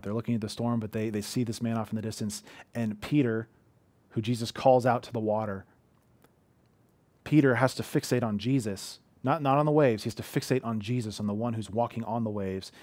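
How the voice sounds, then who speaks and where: A man's voice: medium pitch, a little mellow, no echo. Man, 30s, pastor, heartfelt conversational sermon, personal stories, dry sound. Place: living room.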